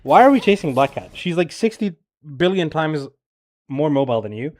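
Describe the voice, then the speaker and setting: Male game coach, slightly high voice, exasperated and blunt, swears constantly during the gameplay breakdown. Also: sing-song, a little mellow. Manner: blunt, profane, exasperated critique; filler-heavy rapid talk with frequent "bro" and "right?". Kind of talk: casual gameplay review coaching.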